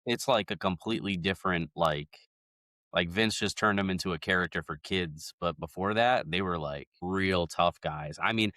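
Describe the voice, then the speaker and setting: A man's voice: low voice, moderate pace, pushed and bright, no room sound, studio quality. A man co-hosting a podcast, rambling his way through stories with lots of "like" and "you know". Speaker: podcast co-host. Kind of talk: casual chat.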